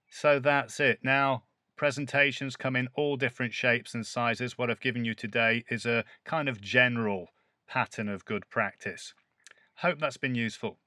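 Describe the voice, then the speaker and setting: A man teaching an English lesson, speaking clearly and modelling example phrases aloud. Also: mid-range voice, moderate pace, pushed and bright, no echo, studio quality. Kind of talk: scripted lesson with demonstrations.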